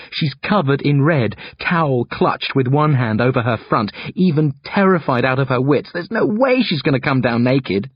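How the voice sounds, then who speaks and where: A man narrating an audiobook in the first person with a highly expressive, swooping delivery. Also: breathy edge, no echo, highs cut off.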